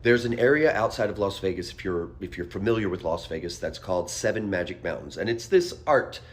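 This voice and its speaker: A man's voice: sits low, animated, a little fast. A man casually sharing a strange news story in a conversational, slightly rambling way.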